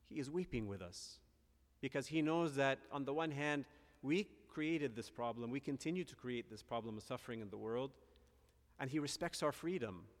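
A man of middle pitch preaches a sermon in a earnest, reflective way. He often pauses and restarts his sentences. His voice rings with a long echo in a large hall. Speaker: priest.

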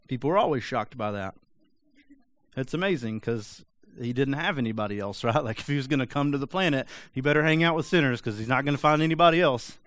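A man preaching a sermon in a conversational, animated way with frequent rhetorical asides. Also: mid-range voice, fairly quick, dry recording. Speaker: pastor.

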